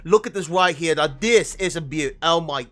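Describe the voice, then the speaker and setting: A man imitating an excitable male wildlife showman who eagerly points things out and repeats himself. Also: a little high, moderate pace, pitched above the performer's own voice. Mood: excited.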